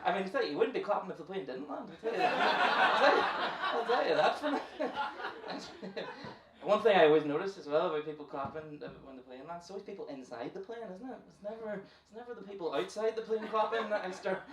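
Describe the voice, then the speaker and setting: A man's voice: high-pitched, brisk, recorded from a distance. A man with a Northern Irish accent doing a stand-up set on a club stage into a handheld mic, playful and self-mocking, riffing with the crowd. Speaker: stand-up comedian. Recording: echoey club, from afar, with crowd noise.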